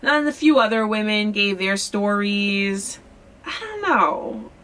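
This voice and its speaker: A young adult woman from Philadelphia, a singer-songwriter, telling a candid story to camera in a chatty, animated way. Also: mid-range voice, unhurried. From Philadelphia, USA. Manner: chatty, candid, animated, quotes people in lively voices.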